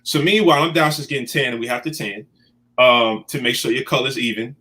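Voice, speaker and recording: A man in his thirties telling his life story in a casual chat, animated and emotional. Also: medium pitch, brisk. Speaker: guest.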